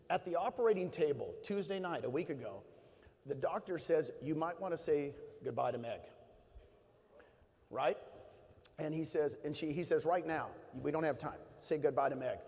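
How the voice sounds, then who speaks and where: A middle-aged man with a slightly high voice tells stories from a conference stage. He speaks with emphasis and repeats his key phrases. A long hall reverb trails behind his words. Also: lively intonation, moderate pace, darkish tone. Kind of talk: motivational stage talk.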